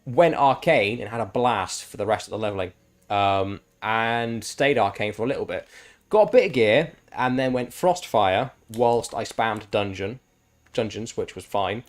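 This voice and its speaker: A man's voice: lowish voice, moderate pace. A man chatting casually and with enthusiasm while streaming a game, swearing freely. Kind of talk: casual chat while gaming.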